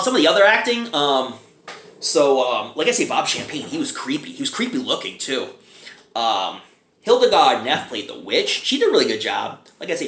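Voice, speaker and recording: A man's voice: mid-range voice, pushed and bright, echoey room. A man giving a casual, chatty film review, chuckling often between remarks.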